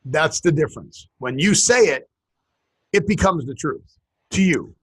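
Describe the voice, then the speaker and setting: A man co-hosting a casual talk show, telling stories in a rambling, animated way. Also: a little high, unhurried, breathy edge. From western United States. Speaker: podcast co-host. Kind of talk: casual chat.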